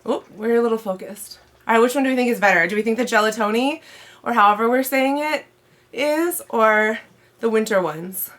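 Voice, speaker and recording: A woman's voice: a little high, a little fast, a bit bright. A woman livestreaming from home, chatting casually and rambling to her viewers. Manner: chatty, rambling, talks to chat. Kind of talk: casual live-stream chat.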